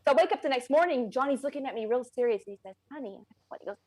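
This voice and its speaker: A woman guest on a casual podcast, telling stories in an animated way and laughing often. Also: high voice, racing, slightly rough, dry recording.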